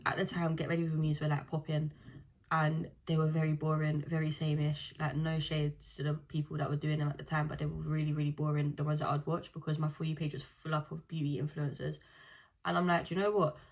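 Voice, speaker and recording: A young woman chats casually to camera. Her voice sits low, and she tells her stories in a loose, slangy way. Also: completely flat delivery, fairly quick, darkish tone. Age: 20s. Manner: chatty storytelling with slang. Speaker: vlogger. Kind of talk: casual chat.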